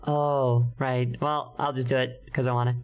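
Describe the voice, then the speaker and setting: A woman's voice: very deep voice, flat delivery, normal speed, darkish tone. A woman streamer in casual live-stream chat, rambling and giggling with many fillers. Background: background music.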